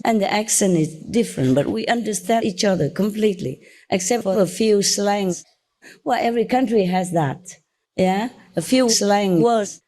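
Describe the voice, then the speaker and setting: A woman's voice: mid-range voice, warm tone. A woman from southern Vietnam with a Vietnamese accent, giving an informal, chatty lecture to followers and checking in with "okay?" and "yeah?". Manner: chatty and teasing, tags questions like okay and yeah. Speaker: spiritual teacher.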